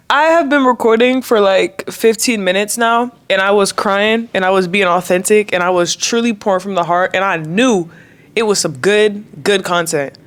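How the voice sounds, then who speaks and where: A young woman vlogs candidly to camera at a moderate pace in a medium-pitched voice, emotional and chatty. She's near tears, her voice close to cracking.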